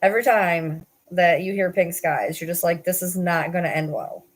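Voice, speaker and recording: A woman's voice: fairly low pitch, normal speed. A woman, chatting casually on a live stream, rambling and swearing with frequent laughs. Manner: rambling, swears, laughs often, self-deprecating.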